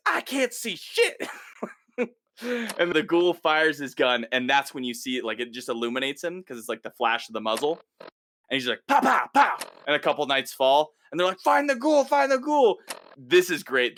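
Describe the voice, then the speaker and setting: Animated bright-voiced man recapping a show. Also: mid-range voice. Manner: animated retelling, acts out the characters' lines. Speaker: podcast co-host. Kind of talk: casual recap chat.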